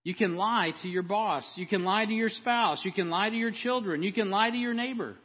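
A man preaching a sermon with passion, swinging between loud emphasis and hushed storytelling. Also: high voice, brisk. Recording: dull, echoey hall.

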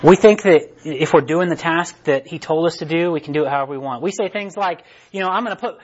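A man's voice: on the high side, fast talker, highs cut off. A man preaching a casual, conversational sermon and checking in with "right?" again and again. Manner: conversational, repeats "right?" often. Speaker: pastor.

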